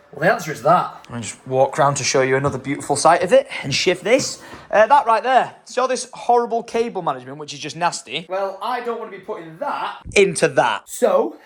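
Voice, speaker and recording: Male vlogger, 30s, easygoing and playful, very animated pitch. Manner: chatty and jokey, lively swings in pitch. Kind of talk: casual vlog chat.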